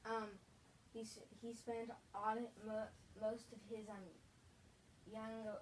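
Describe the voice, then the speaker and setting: An adult woman reading sentences and word lists aloud in a lesson, careful and halting, often restarting words. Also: fairly high pitch, completely flat delivery. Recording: distant mic, faint hum.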